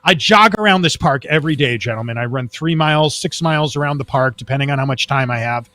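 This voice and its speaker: A man from Texas, a talk show guest who tells long rambling anecdotes in a casual, animated way over a remote call from a high-rise apartment. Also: quick pace.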